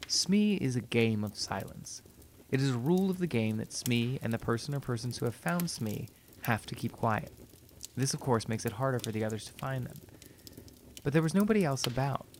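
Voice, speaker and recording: A man narrating a story in a steady, measured reading voice. His pitch sits in the middle of the range, and he takes his time over each sentence. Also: slight background noise.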